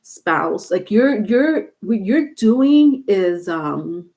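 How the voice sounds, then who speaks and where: Halting, rambling woman reading tarot. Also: mid-range voice, big pitch swings, dark tone. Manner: rambling, halting, many fillers and restarts. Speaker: tarot reader. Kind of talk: casual livestream tarot reading.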